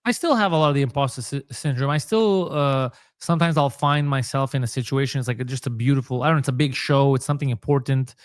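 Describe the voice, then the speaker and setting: A man's voice: medium pitch, fast talker, few pauses, no room sound, studio quality. A man, a comedian and podcaster telling stories in a casual interview and acting out the voices of people he quotes. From Montreal, Quebec. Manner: animated storyteller, acts out quoted voices.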